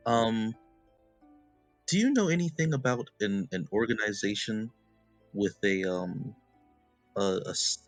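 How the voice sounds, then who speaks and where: A cautious young woman adventurer who talks haltingly, with many stops and restarts, played by a man in his own lowish voice. Faint music sits underneath. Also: animated, no room sound. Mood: hesitant. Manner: hesitant, halting.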